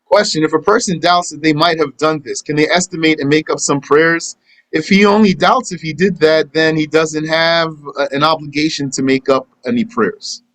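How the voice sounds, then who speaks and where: A man's voice: fairly high pitch, moderate pace, a bit bright, low-quality recording. A man teaching a live religious lesson and answering questions, talking conversationally and acting out imagined back-and-forth dialogues. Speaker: Islamic teacher.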